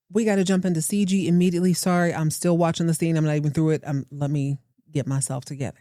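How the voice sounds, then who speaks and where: A woman's voice: on the low side, mellow, no echo, studio quality. A woman hosting a podcast, recapping a TV episode in a chatty, emphatic way and talking back to what she watches. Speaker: podcast host.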